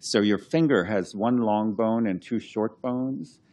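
Low-voiced man explaining with many restarts. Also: darkish tone. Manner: explains slowly with many restarts and fillers, hums out verse rhythms. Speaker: classicist and translator. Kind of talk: unscripted talk.

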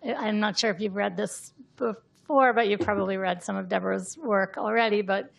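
A woman hosts a book conversation in a relaxed, chatty manner. Her voice has a heavy, gravelly fry, and her pitch sits in the middle. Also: moderate pace. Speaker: interviewer. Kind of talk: casual chat.

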